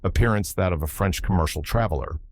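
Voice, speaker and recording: A male narrator voicing a wry, easygoing young gentleman with a dry, teasing way of talking. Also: low-pitched, quick pace, a little hiss or hum.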